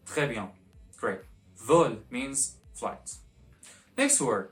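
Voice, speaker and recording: Low slow-talking woman teaching french words, repeats stuff over and over, faint music behind. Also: expressive. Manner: repeats words slowly and coaxes the listener to repeat. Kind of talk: vocabulary lesson with repetition drills.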